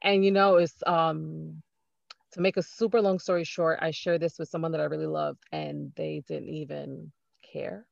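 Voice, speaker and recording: A woman hosting a podcast in casual conversation, warm and encouraging, laughing along with her guest. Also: low voice, steady tone, moderate pace, vocal fry, dry recording, dull audio.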